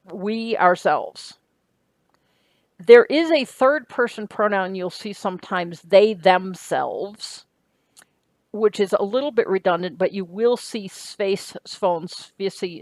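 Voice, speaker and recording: A woman's voice: lowish voice, a little mellow, no echo. A woman giving a recorded grammar lecture, explaining step by step, asking "right?" now and then and correcting herself as she goes. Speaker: Greek grammar teacher.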